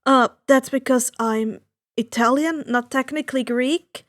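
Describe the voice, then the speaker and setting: A woman voicing a matter-of-fact teenage boy demigod in a fan fiction reading, calmly explaining. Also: high voice, measured pace, no room sound, studio quality. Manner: calm explaining.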